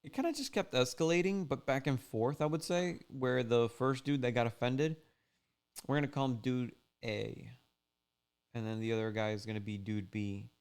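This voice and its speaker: Easygoing male fishing host, loose rambling storyteller, smooth resonant tone. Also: mid-range voice, normal speed. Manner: rambling, laid-back, full of "like" and "you know". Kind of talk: casual storytelling recap.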